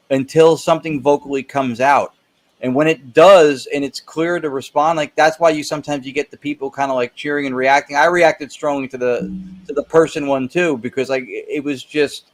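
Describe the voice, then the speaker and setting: Enthusiastic man explaining at length. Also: fairly high pitch. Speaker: paranormal investigator guest. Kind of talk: casual interview chat.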